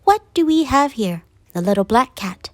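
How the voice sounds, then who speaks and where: A woman voicing a lonely, kindly old woman who chats gently as she tells her story. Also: a little high, sing-song, normal speed, dry recording. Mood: gentle.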